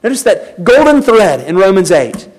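High, lively male preacher. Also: moderate pace. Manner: emphatic, exhorting the congregation. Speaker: pastor. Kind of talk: sermon.

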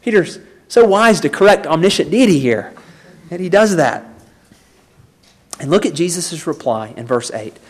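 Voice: medium pitch, animated, moderate pace, long pauses, breathy edge. A preacher delivering an expository sermon, emphatic and turning to the congregation with rhetorical questions.

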